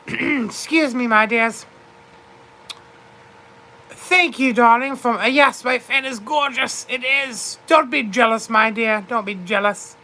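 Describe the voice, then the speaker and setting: A woman doing a high, bright, darling-calling duchess. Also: slow pace. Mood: gushing. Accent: put-on British. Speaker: livestream host in character. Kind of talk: comedic character livestream, reading chat.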